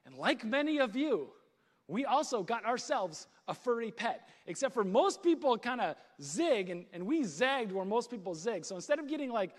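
A man with a high voice preaches a sermon. He tells stories about home life and laughs at himself along the way. His voice rings out with the long echo of a large hall. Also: very animated, moderate pace. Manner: storytelling with laughs and self-deprecating asides. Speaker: pastor.

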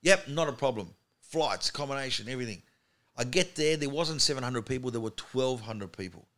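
A comedian telling animated stories as a podcast guest in a studio. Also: male voice, mid-range voice, fairly quick. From Australia. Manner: animated anecdote teller. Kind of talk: storytelling in podcast chat.

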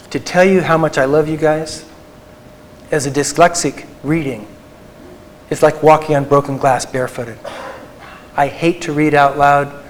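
A man giving a personal talk to an audience as a Christian counselor, folksy and earnest, dropping into soft confessional tones. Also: a little high, a little hiss or hum.

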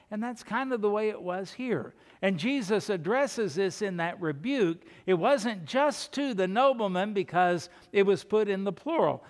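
High-voiced pastor preaching emphatically. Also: male voice, long reverb tail. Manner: emphatic preaching with rhetorical questions. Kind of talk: sermon.

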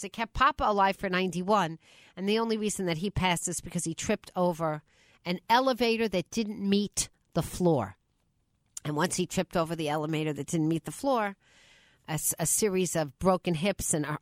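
Animated woman radio host, dry studio. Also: medium pitch, dry recording. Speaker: radio talk show host. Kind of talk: radio call-in show talk.

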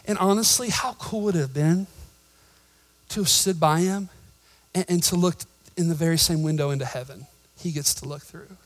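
A man preaching a sermon in a church, swinging between shouted emphasis and quiet asides and joking with the congregation. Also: a little high, moderate pace, poor audio. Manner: jokes with the congregation. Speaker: pastor.

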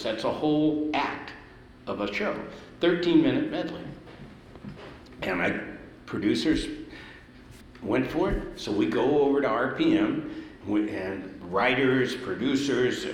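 Older male guest, animated raconteur, mid-pitched, recorded in a roomy hall with long reverb. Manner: lively storyteller, laughs, acts out quotes. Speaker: guest musician. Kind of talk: anecdote told in conversation. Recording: echoey hall with faint noise.

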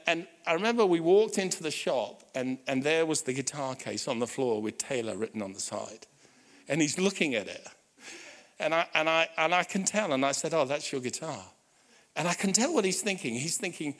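A middle-aged pastor tells a story from the pulpit in a slightly higher-than-usual man's voice. He checks in with his listeners and often restarts his sentences. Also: fairly quick. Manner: animated personal storytelling with frequent restarts and audience asides. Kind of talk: sermon storytelling.

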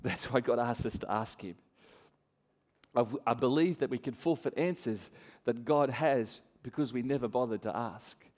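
With long hall reverb on the recording, a male pastor speaks at a moderate pace in a mid-range voice. His sermon is an animated story, complete with acted-out voices and frequent laughter.

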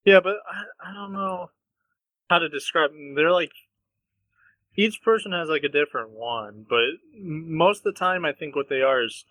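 Bright-voiced young man, halting recap. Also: on the high side, no echo, low-quality recording. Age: young adult. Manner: halting, hesitant retelling full of fillers. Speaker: podcast co-host. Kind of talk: casual chat.

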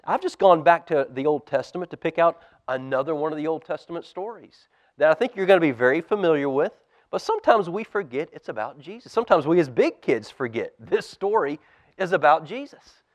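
A man, a pastor, reading a storybook aloud to children at a church service, animated and dropping to a hush for suspense. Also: a little high, fairly quick, dry recording.

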